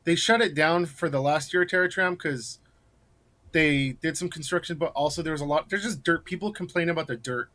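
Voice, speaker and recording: A man's voice: on the high side, a little fast, bright, forceful tone. Rambling, laughing male storyteller. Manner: rambling storyteller, many fillers and restarts, laughs while telling. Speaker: guest scare actor. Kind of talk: casual interview chat.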